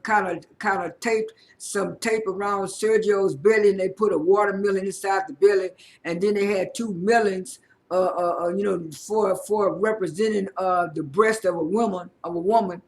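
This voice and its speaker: High-voiced man retelling scenes haltingly. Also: fairly even intonation. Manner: halting, heavy fillers and repeated words; retells scenes by quoting people. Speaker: YouTube recapper of a reality show. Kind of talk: casual spoken recap.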